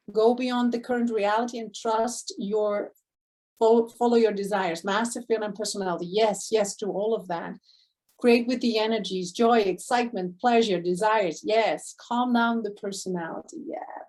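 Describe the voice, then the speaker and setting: A woman coach giving an enthusiastic motivational live talk to her online community, effusive, with sudden gasps and quick swings between loud and hushed. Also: a little high. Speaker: spiritual abundance coach.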